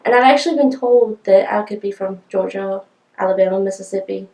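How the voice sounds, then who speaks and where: A woman's voice: medium pitch, brisk, mellow, echoey room, recorded from a distance, poor audio. A woman from North Carolina with a North Carolina accent, animatedly retelling conversations in a casual interview.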